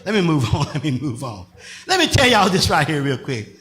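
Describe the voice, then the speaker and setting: A male pastor preaching a sermon, swinging from loud shouted lines to soft asides with bursts of laughter. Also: on the high side, very animated, brisk.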